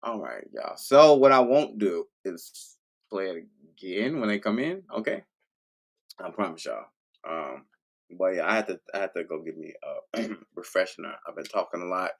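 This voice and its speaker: A man's voice: low voice, animated, normal speed, creaky. A man hosting a livestream, talking to his viewers in a loose, rambling, profane casual monologue. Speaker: livestream host.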